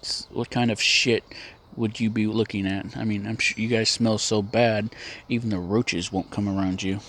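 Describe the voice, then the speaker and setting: A man voicing a grim, hard old male ex-soldier father who talks in a gruff, curt, threatening way, low and quiet. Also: steady tone, normal speed, a little hiss or hum. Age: older.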